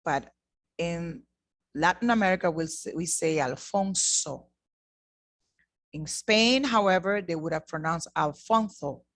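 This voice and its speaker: A woman's voice: fairly low pitch, normal speed, a bit bright, no echo. A woman teaching an online Spanish lesson, speaking patiently and repeating words to model their pronunciation. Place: class produced in the Bahamas.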